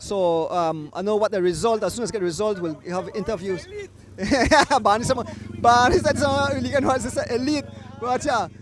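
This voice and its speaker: Excitable high-voiced Belizean commentator man. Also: moderate pace. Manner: excitable, repeats riders' names, breathless bursts. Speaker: race commentator. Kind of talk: live cycling commentary. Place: outdoors at a roadside finish line.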